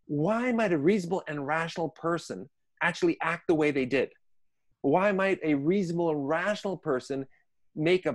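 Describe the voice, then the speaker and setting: A man who trains people in conflict management, explaining ideas conversationally and acting out inner voices in short asides. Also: on the high side. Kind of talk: conversational teaching on a podcast.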